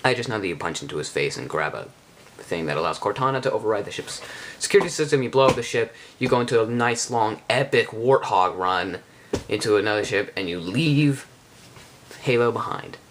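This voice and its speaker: Halting, rambling man reviewing a game. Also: lowish voice, a bit bright, slight background noise. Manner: rambling, halting, with many restarts. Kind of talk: casual spoken game review.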